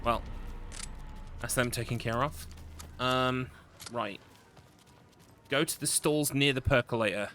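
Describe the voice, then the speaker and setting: A man's voice: mid-range voice, slow, long pauses, bright, forceful tone, a little hiss or hum. A man casually talking through his gameplay, swearing now and then and greeting his chat. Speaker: streamer.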